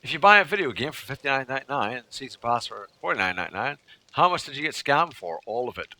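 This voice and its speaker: Brief: male game streamer, casual chat, bright tone, lively intonation. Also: medium pitch, fast talker. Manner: reads chat aloud and thanks followers, joking.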